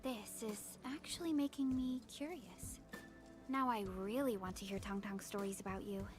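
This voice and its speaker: A woman plays a calm female companion in a video game, mildly curious and even-toned. Her voice sits in a middle pitch, with game music clearly behind her. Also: normal speed, close to an everyday voice.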